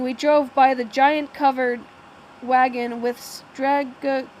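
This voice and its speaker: High-voiced woman reading a novel aloud. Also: slight background noise, rough recording. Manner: plain reading with frequent slips and restarts. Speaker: audiobook narrator. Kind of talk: first-person novel reading.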